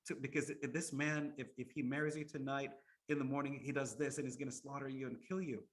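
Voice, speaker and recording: An old servant urgently whispers a warning to his princess, as a male storyteller puts him on. The voice drops quiet while slightly raised in pitch, in a spoken folk tale. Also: level tone, fast talker, lightly acted. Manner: hushed, urgent. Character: old loyal male servant, devoted and fearful.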